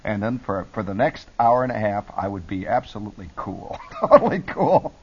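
Husky animated storytelling man. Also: lowish voice, moderate pace. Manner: lively, jumps between put-on radio voices. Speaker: talk show guest telling stories. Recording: dull lo-fi broadcast audio.

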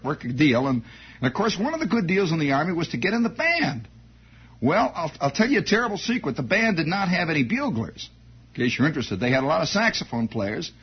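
Male radio storyteller, husky high voice, swooping delivery, dull lo-fi recording. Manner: digressive, repeats words, wry asides. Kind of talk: rambling anecdote monologue.

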